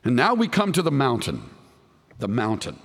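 In a large hall, a man's pitch swoops wildly as he preaches at a moderate pace. His sermon is earnest and searching, with rhetorical questions and tag questions that drop low.

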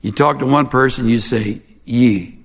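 A man's voice: mid-range voice, sing-song, brisk, fairly bright tone, big-room sound, a little hiss or hum. A man doing a drawling Southern speech coach. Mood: instructive.

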